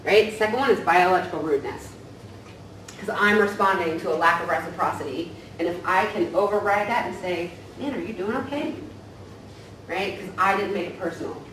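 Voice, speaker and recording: Speaking fairly quickly in a lowish yet fairly bright voice, this counselor teaches a staff training session. She keeps things casual and tags her points with "right?", heard from far off in an echoey room with slight noise.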